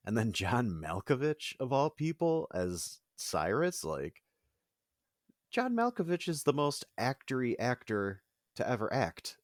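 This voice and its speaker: A man's voice: medium pitch, very animated, a little slow, no room sound, studio quality. A man co-hosting a podcast, talking casually and animatedly, with frequent "like" and laughs. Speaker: podcast co-host.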